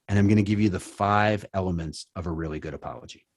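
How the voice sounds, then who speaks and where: A man's voice: sits low, fast talker, dry recording, studio quality. A middle-aged man speaking at a church, acting out quoted apologies with many restarts. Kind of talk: conversational church talk.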